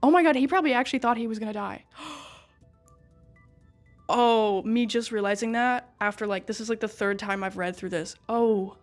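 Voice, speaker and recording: A woman with a fairly high voice recaps a story in a loose, chatty way. She gets worked up, swears freely and talks back to the characters as if they could hear her. Faint music plays underneath. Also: moderate pace. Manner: excitable, swears and laughs a lot, talks to the characters.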